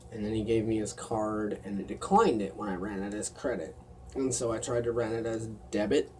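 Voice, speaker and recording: A man's voice: on the low side, darkish tone, distant mic, a little hiss or hum. A man working a gas station shift, talking to himself in a weary, rambling video diary, feeling run down. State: tired and run down.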